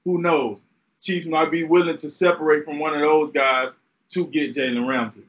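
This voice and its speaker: A young man co-hosting a sports talk show, animated and slangy as he argues his take. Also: a little high, moderate pace, dull audio. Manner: fired-up, talks trash, slangy. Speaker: podcast co-host, former player.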